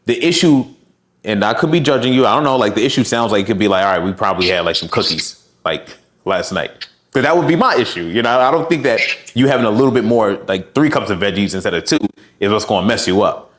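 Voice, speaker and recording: A man's voice: fairly low pitch, expressive, quick pace, a bit bright. A man working as a fitness coach, giving direct, encouraging advice and talking through examples. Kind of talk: coaching session.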